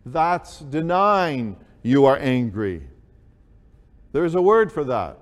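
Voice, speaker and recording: Slow-speaking preacher in a reverberant hall. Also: male voice, medium pitch, big pitch swings. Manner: slow, deliberate preaching with emphatic rises. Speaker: pastor. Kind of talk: sermon.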